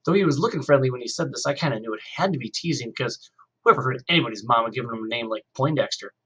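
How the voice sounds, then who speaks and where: Man teacher, storybook read-aloud, husky voice, mid pitch, expressive. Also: fast talker, low-quality recording.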